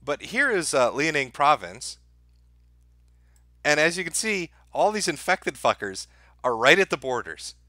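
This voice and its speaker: A man hosts a live stream and addresses his chat directly in a sarcastic, crude, profanity-laced commentary. His voice is forceful and bright at a middling pitch. The recording is dry, with no room sound around him. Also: big pitch swings, measured pace, long pauses, dry recording.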